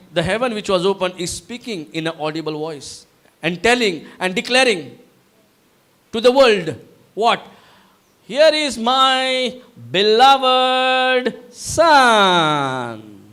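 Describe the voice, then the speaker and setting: A man with an Indian English accent, preaching a live sermon, halting and searching for words, booming out whenever he quotes the voice from heaven. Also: fairly bright tone. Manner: booming when quoting the voice from heaven. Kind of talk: live sermon with Bible teaching.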